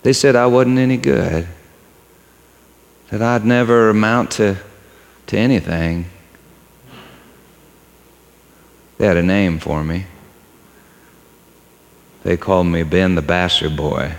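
A man doing a halting, folksy old mountain man. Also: low-pitched, creaky, voice pushed down. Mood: hurt. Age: older. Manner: halting, folksy, repeats himself. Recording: long hall reverb.

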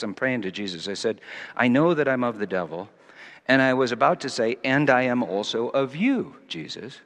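A man preaching a sermon, swinging from quiet musing to loud, emphatic scripture reading. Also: medium pitch. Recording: long hall reverb.

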